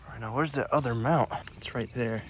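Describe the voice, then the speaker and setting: Outdoors at night, with clear noise and clicks in the background, a young man films himself fixing a car. His medium-pitched voice runs a little fast as he grumbles, swears, and mutters to himself in frustration.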